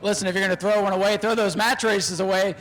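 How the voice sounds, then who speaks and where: A man announcing a live race and interviewing drivers at an outdoor speedway, excited and shouting during the action, joking between interviews. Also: high voice, fast talker. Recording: noisy outdoor racetrack.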